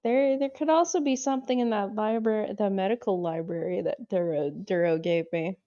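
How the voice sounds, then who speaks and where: A woman's voice: medium pitch, moderate pace, highs cut off. A woman playing a tabletop game, speaking expressively in character. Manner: expressive, laughs easily. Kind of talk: in-character roleplay.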